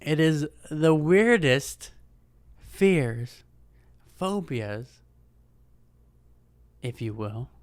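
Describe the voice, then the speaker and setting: Slow, laid-back young man hosting a podcast. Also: on the high side, lively intonation, dry recording. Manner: laid-back, rambling, frequent "dude" and "man"; swearing, joking, chuckling. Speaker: podcast host. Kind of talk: casual solo podcast chat.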